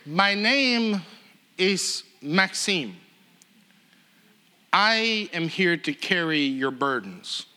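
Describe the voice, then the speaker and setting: A man voicing a big, friendly seventeen-year-old who speaks slowly in plain, earnest phrases. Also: high-pitched, very animated, bright, forceful tone, exaggerated voice.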